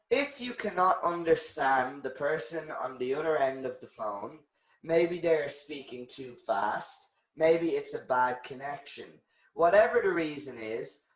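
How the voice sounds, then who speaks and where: A man's voice: a little high, echoey room, low-quality recording. A man teaching an English lesson in a patient, reassuring way, reading example phrases aloud and explaining them. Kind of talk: live online English lesson.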